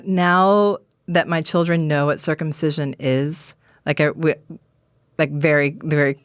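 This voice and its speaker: A woman's voice: low voice, no echo, studio quality. A woman guest telling long, candid stories in a rambling, frank way, swearing casually. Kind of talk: candid conversational storytelling.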